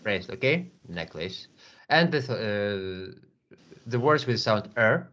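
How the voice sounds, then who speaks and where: A man teaching English one to one, patient, repeating words slowly with many fillers. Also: on the low side, animated, fairly bright tone, dull audio. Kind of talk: online English lesson.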